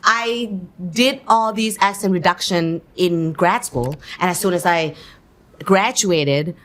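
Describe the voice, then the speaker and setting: A Thai-born woman whose first language is Thai, chatting in an interview as a guest, animated and quick to laugh, with plenty of fillers. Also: fairly low pitch. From Thailand. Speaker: actor and guest. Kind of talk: casual interview chat.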